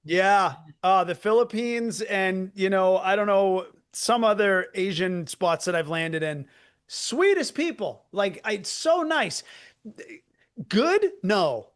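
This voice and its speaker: A man co-hosting a comedy podcast, telling a story in an animated way and laughing through it. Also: high voice, takes it slowly, smooth. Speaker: podcast co-host.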